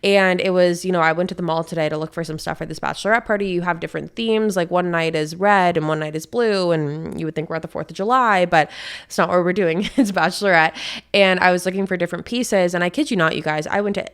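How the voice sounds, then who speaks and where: A woman's voice: fairly low pitch, quick pace, fairly bright tone, smooth. A woman hosts a solo podcast, talking in a chatty, confiding way while congested with a sore throat. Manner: chatty and confiding, addresses listeners as "you guys". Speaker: podcast host. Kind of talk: solo casual chat.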